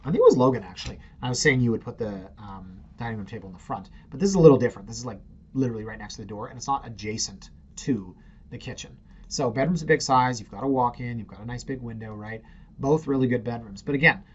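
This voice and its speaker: A man's voice: mid-range voice, husky, muffled recording. A middle-aged man, hosting a casual, opinionated commentary on real estate listings with sarcastic, muttered asides. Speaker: real estate agent host.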